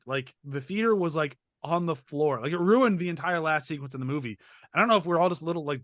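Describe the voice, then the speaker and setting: A man hosts a laid-back film discussion, telling stories with energy and acting out quotes. His voice sits a bit high, and the sound is dry, with no room echo. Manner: animated storyteller, acts out quotes with laughs. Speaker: podcast host. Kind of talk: casual movie review chat.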